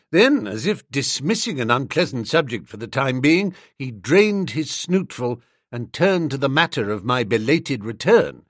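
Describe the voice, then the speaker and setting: A man narrating a comic novel in the first person, with a wry storytelling manner and a husky voice. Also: medium pitch, a bit bright, dry recording, studio quality. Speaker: audiobook narrator.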